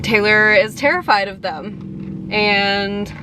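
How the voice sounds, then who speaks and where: A woman's voice: mid-range voice, takes it slowly, music in the background. A young woman chatting casually in a fan vlog, giggly and full of "like" and "um". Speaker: vlogger.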